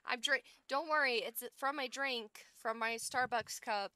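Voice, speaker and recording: A woman's voice: fairly high pitch, a little slow, bright, forceful tone, smooth, no echo. A young woman streaming a survival game, chatting playfully with her viewers and talking to herself as she plays. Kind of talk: casual gameplay chat.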